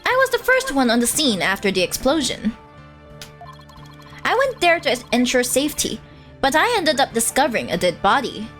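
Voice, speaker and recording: Woman reading as a monotone robotic bomb expert. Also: sits high, faint music behind. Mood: flat. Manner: slow, even monotone. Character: flat robotic-talking male bomb disposal expert.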